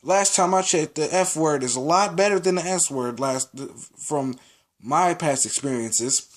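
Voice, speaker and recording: A teenage guy vlogging about his day at school, his voice sitting a bit higher than most men's. He rambles and restarts often and acts out the lines of the people in his story. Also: unhurried. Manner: animated, rambling, with many restarts and acted-out quotes. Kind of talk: casual storytelling vlog.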